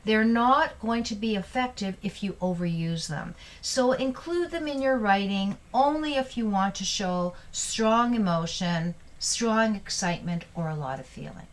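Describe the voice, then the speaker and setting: Female English teacher, mid pitch, clear explanatory delivery with emphatic example readings. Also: animated, measured pace, few pauses. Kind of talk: online grammar lesson.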